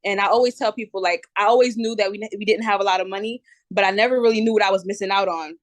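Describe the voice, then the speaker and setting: A woman's voice: medium pitch, fast, dry recording. Young woman with a New Jersey accent. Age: 20s. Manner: lively, candid, lots of "um" and "you know". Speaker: guest entrepreneur. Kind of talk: casual interview chat.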